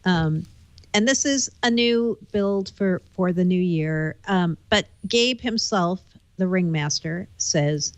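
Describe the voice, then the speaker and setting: A woman's voice: on the low side, slow, no room sound. A woman co-hosting a tech podcast, giving news updates in a matter-of-fact, informative way. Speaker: podcast co-host, tech reporter. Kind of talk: casual tech chat.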